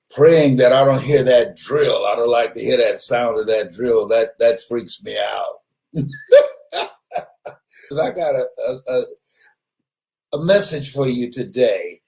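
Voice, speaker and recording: A man giving an animated motivational speech, often laughing, repeating words and bursting into shouts. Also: medium pitch. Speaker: motivational speaker.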